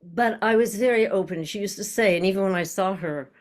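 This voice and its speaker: A woman's voice: mid-range voice, brisk. An older woman teaching an online voice class, explaining breath and posture and demonstrating with tongue-twisters and nonsense syllables.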